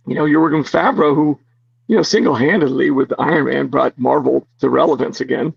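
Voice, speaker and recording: A man as an interview guest tells lively stories, laughing and filling gaps as he goes. His voice sits fairly high for a man, gravelly and husky. The audio is dry and dull, like a lo-fi remote recording. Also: fast, dry recording. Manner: animated, laughing, lots of fillers. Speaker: actor guest. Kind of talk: casual interview storytelling.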